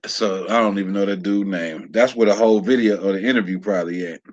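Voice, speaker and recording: A man on a casual podcast, speaking in a hesitant, measured way and often trailing off. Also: on the low side, lo-fi sound.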